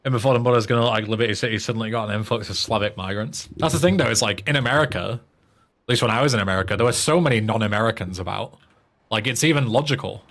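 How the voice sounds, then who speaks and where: Man, English accent, game streamer, rambling casual chat, lots of cursing, deepish voice. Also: fast talker, a bit bright. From England. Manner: rambling, frequent swearing, many restarts.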